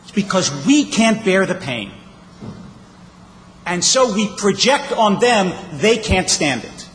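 A man's voice: high-pitched, big pitch swings, unhurried, a bit bright, a little hiss or hum. A man giving a sermon as a rabbi, telling stories with wry humor. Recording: reverberant hall, faint ambience.

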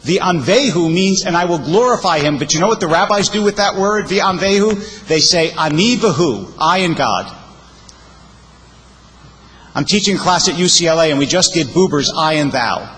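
A man's voice: fairly high pitch, moderate pace, a bit bright. A male rabbi giving a sermon, explaining verses emphatically and reciting poetry with expression. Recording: long hall reverb.

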